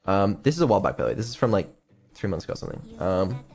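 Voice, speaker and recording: A man's voice: deep voice, sing-song, rapid-fire, a little mellow. A man streaming as a developer, talking casually with lots of ums and dry sarcasm. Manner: mumbling, hesitant, many ums, dry sarcasm.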